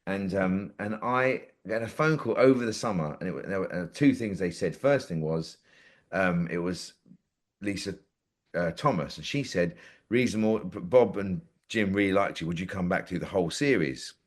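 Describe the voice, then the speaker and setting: Lively man telling rambling stories. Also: low voice, normal speed. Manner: rambling, lively, swears freely, acts out quotes. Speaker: podcast guest. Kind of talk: casual anecdotal storytelling.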